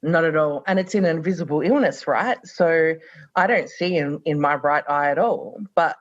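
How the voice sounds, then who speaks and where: A woman's voice: deep voice, moderate pace, no echo, dull audio. A woman in her thirties from Australia, a podcast guest speaking reflectively with many fillers. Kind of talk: conversational podcast interview.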